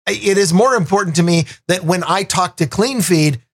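A man's voice: high-pitched, a little fast. A man co-hosting a podcast, throwing in sarcastic quips during casual chat. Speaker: podcast co-host.

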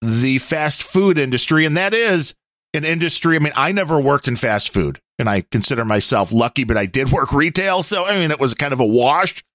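A middle-aged man co-hosting a podcast, chatting casually and rambling a little, quick to laugh. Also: mid-range voice, sing-song, a bit bright, dry recording, studio quality. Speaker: podcast co-host. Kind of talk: casual chat.

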